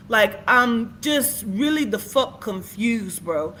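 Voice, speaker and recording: A woman's voice: on the high side, lively intonation, slow pace, hardly any pauses, pushed and bright, slight background noise. A woman livestreaming, commenting in a profane, heated rant.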